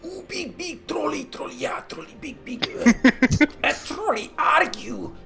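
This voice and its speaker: Man doing a hushed little goblin in broken speech. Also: very high voice, sing-song, a little slow, gravelly, over music, pitched above the performer's own voice, full character voice. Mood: hushed excited. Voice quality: hushed, childlike broken talk.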